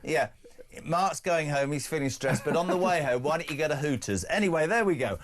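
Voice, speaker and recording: A man's voice: a little high, lively intonation, fairly quick. Brash, ranting male radio host. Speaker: radio breakfast show host. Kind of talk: opinionated talk radio banter.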